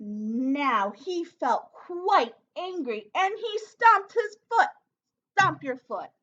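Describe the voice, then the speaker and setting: Slow, lively storytelling teacher. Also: female voice, high-pitched, lo-fi sound. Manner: interactive, asks children questions. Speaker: teacher reading aloud. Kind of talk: storybook read-aloud for children.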